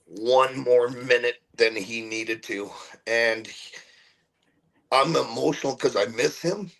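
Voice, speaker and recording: A middle-aged man talks candidly in an interview, his voice sitting at an ordinary middle pitch. He speaks earnestly and from the heart, stopping and restarting as he repeats words while searching for the next thought. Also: creaky, fairly bright tone, low-quality recording. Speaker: interview guest.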